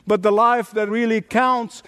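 A man's voice: high-pitched, level tone, measured pace, fairly bright tone, smooth. A man preaching a sermon as a pastor, emphatic and driving his points home with rhetorical repetition. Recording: long hall reverb.

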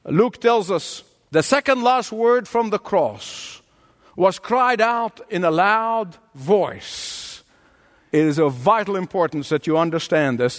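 A male pastor delivers a sermon in a notably high voice, taking his time over every phrase. He is emphatic and builds his points by repeating key lines. His words carry a long reverb, as if spoken in a large church hall.

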